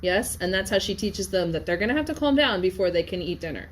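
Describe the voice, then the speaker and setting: A woman's voice: on the low side, lively intonation, fast talker, a little hiss or hum. A woman teaching in a classroom, lecturing in a conversational way and often checking in with her listeners. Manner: conversational, keeps checking in with "yes?" and "okay?". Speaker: Latin teacher.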